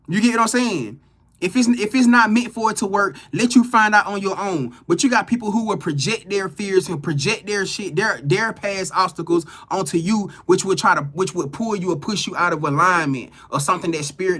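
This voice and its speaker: A man hosting a live tarot reading, his voice sitting a little high with a sharp, bright edge. He talks loosely to his viewers, repeating himself, slipping into slang and swearing. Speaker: tarot reader on a live stream. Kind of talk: casual spiritual talk to viewers.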